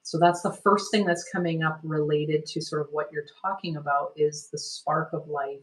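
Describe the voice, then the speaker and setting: Gentle, meandering woman energy healer. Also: low voice, steady tone, normal speed, rough recording. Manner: gentle, soothing, meandering with many "like" and "sort of". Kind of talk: guided healing session.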